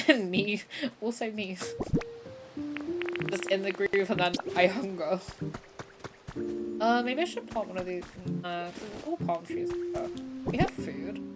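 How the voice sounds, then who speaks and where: A woman streaming a game live, chatting excitedly and giggling as she talks to the characters. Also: medium pitch, unhurried, long pauses. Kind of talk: casual live gameplay commentary. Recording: game music playing underneath.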